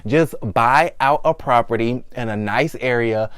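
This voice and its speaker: A man's voice: mid-range voice, unhurried, fairly bright tone, smooth, no echo, studio quality. A young man hosting his own vlog, recapping a reality TV show in a sassy, blunt, profane chat. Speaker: vlog host.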